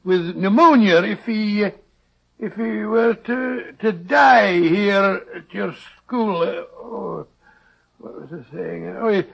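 A man's voice: high voice, takes it slowly, gravelly, breathy edge, heavily acted. An actor playing a middle-aged doctor posing as a scheming man with a put-on Scottish accent, talking hesitantly with stammers, in 1940s radio acting. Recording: muffled old radio recording.

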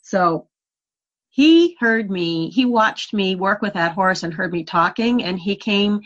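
A woman's voice: medium pitch, animated, takes it slowly, a bit bright, highs cut off. A woman guest telling a long personal story in an interview, earnest and reflective, sometimes laughing at herself. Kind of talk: conversational storytelling.

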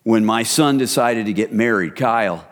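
A man's voice: fairly low pitch, normal speed. Man, middle-aged, pastor, conversational sermon, long hall reverb. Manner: conversational, addresses listeners as "you guys".

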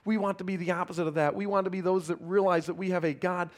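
A man preaching a sermon, reading scripture and acting out complaining voices, then dropping to quiet emphasis. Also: sits high, level tone, fast. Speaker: pastor.

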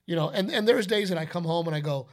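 Animated, high-voiced man chatting casually. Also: fast talker. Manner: animated storyteller, slips into playful announcer shouts. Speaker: podcast co-host; father. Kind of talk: casual podcast chat.

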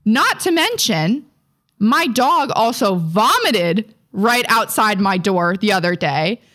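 A young woman co-hosting a podcast in casual chat, animated and exaggerated, swearing freely as she tells a story. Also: mid-range voice, slow. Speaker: podcast co-host.

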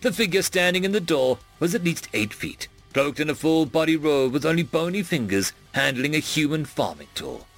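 Man reading stories out loud, gravelly voice, really animated delivery, soft music under it. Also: a little high, normal speed, hardly any pauses. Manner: expressive, dramatic reading. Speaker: story narrator. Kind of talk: scripted story reading.

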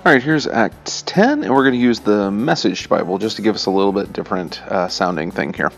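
A man giving a relaxed, conversational sermon and reading scripture aloud, with fillers and asides. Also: lowish voice, brisk, vocal fry, soft background music. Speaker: pastor.

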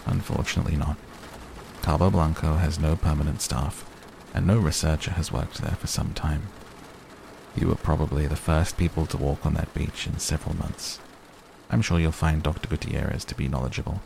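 A man's voice: extremely low pitch, little pitch movement, moderate pace, vocal fry. A man voicing a formal, careful hospital doctor. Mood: measured. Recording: noisy recording.

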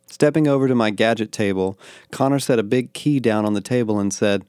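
A man narrating first-person audio fiction with wry, deadpan asides. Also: on the low side, a little fast, clear, resonant tone, dry recording, studio quality.

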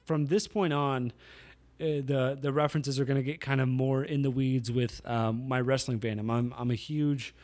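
A man's voice: mid-range voice, steady tone, normal speed, darkish tone. A man hosting his own podcast, chatting casually and rambling as he tells stories, often correcting himself as he goes. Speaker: podcast host. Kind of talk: casual solo podcast chat.

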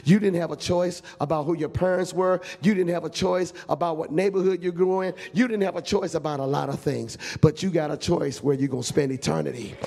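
A man's voice: a little high, steady tone, fairly quick, vocal fry, few pauses, warm tone. A male pastor preaching a fervent, emphatic sermon, telling a story with feeling.

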